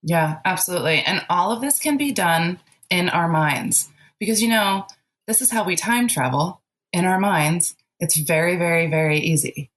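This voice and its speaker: Woman, lower pitch, casual spiritual chat, laughing storyteller, filler words. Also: normal speed, fairly bright tone. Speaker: podcast guest.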